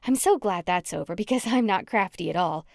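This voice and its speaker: A woman's voice: fairly low pitch, lively intonation, brisk, creaky, dry recording, clean studio sound. A woman voicing a chirpy young female saleswoman in an audiobook, bubbly and eager.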